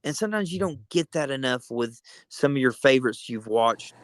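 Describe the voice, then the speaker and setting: Animated, excitable podcast co-host man. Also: mid-range voice, a little fast, slight background noise. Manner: excitable, teasing, wrestling-fan banter. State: tired. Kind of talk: casual chat.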